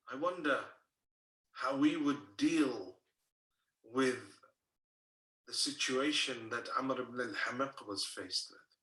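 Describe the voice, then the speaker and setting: A man delivers a slow, impassioned sermon in a bright, ringing voice. He speaks from a book-filled room at home, and the sound is roomy and distant, as if he sits well back from the mic. He tells the story with feeling and keeps turning to his listeners with questions. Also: mid-range voice. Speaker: preacher. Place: home room full of books.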